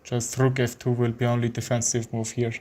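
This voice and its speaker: A man from Armenia with an Armenian accent, a chess streamer commenting live in halting English with many fillers. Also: medium pitch, monotone, a little mellow.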